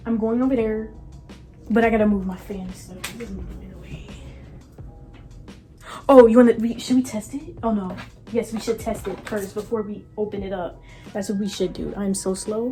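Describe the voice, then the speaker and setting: A woman vlogging casually from her room, excitable and gushing as she talks to her viewers. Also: mid-range voice, moderate pace, faint music behind. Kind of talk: casual vlog chat.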